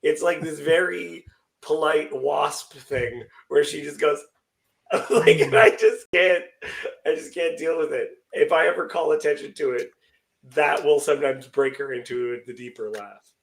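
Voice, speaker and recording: A man's voice: a little high, fairly even intonation, moderate pace, vocal fry. A man chatting as a podcast guest, telling joking stories with animation. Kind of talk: casual chat.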